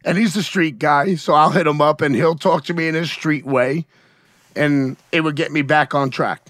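A man's voice: a little high, steady tone, moderate pace, a bit bright, dry recording, studio quality. A man as an interview guest, talking frankly and emotionally about his feelings, often asking "you know what I mean?". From United States. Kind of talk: candid conversational interview.

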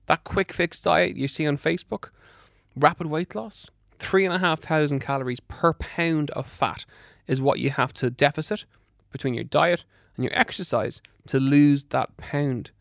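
A man's voice: on the high side, gravelly, fairly bright tone, no room sound, clean studio sound. A middle-aged man giving fitness and diet advice on a podcast, emphatic and practical, doubling words for stress. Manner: brisk, practical coaching. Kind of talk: advice talk to listeners.

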